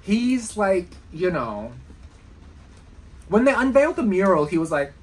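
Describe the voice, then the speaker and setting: A woman vlogger chatting casually, enthusiastic and excitable, giggling often. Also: mid-range voice, a little slow, husky. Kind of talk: casual vlog chat.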